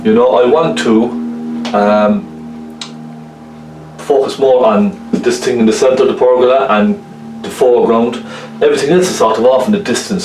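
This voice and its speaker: A man's voice: mid-range voice, normal speed, long pauses, darkish tone, echoey room, recorded from a distance, faint music behind, poor audio. A man with a Cork Irish accent giving a chatty painting lesson, often checking in with the viewer. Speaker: painting instructor. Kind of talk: casual painting tutorial.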